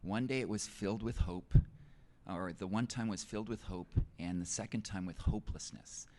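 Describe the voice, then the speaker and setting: A man's voice: fairly low pitch, moderate pace, darkish tone. A middle-aged male teacher sharing a personal faith story in an interview, talking in a loose, conversational way with many fillers and restarts.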